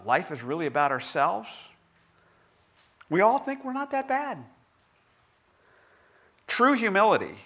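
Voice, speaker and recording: A man giving a conversational devotional talk in a candid, self-deprecating storytelling manner, with halting restarts. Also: fairly high pitch, a bit bright. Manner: halting restarts and filler words.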